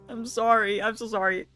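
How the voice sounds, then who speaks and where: A young Southern woman hosts a live stream, reading donation messages aloud in a put-on British accent that keeps slipping back into her own twang. Her voice is bright and sharp. She keeps dissolving into laughter between the lines. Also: on the high side.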